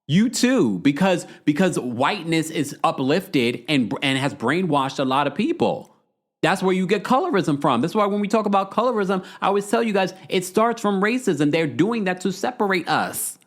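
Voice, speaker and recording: A male podcast host runs a livestream, chatting casually, reading viewer comments aloud and going off on blunt, exasperated rants. His voice sits high and animated, at normal speed.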